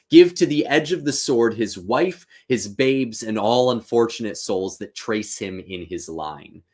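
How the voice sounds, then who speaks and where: A man reading the part of a ruthless male tyrant king, declaiming the verse slowly. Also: on the low side.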